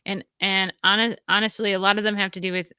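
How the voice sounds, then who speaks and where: A woman co-hosting a casual talk show, chatty and quick to laugh, with many fillers. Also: mid-range voice, level tone, pushed and bright, clear, resonant tone, no room sound. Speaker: podcast co-host. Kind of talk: casual chat.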